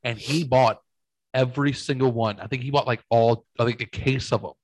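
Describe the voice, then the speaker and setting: A man's voice: medium pitch, steady tone, fairly quick, a little mellow, no echo, rough recording. Profane storytelling man, dry close sound. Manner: profane, storytelling, acts out quoted voices. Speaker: podcast host. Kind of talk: casual chat.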